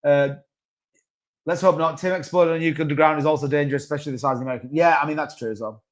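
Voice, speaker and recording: Guy hosting a crypto stream, kinda high voice, rambly and casual, lots of restarts. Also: steady tone, racing. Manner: rambling, chatty, with many restarts and asides to chat. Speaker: crypto livestream host. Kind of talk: casual live-stream market commentary.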